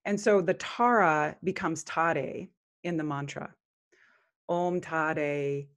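A woman guest on a podcast interview, calmly explaining a spiritual practice. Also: on the low side. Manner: calm, unhurried explaining. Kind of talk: interview, chanting a mantra.

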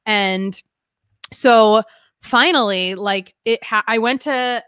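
A woman's voice: on the high side, slow, a bit bright, clear, resonant tone, dry recording. A young woman, a podcast guest, telling her story in a rambling, candid way, full of "like" and restarts. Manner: rambling, heavy use of "like", frequent restarts.

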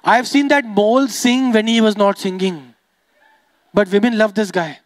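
A young man with an Indian accent doing stand-up comedy, animated and teasing the audience. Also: high-pitched, normal speed, no room sound, studio quality. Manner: animated, teases the audience, switches into voices.

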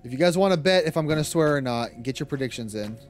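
A young male streamer chats with his viewers while he plays, answering their messages, laughing a lot and cursing without restraint. His voice sits a little high for a man and swings widely in pitch. Faint game music plays underneath. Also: lively intonation, fast talker. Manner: swears freely, laughs often, reads and answers chat. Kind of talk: casual live-stream chat while gaming.

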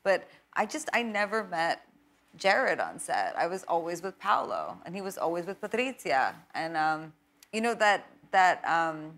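A woman's voice: lowish voice, a little slow. A woman in her thirties from New York, a talk show guest chatting casually and telling stories with lots of laughter. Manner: animated, laughing storyteller. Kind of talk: casual chat.

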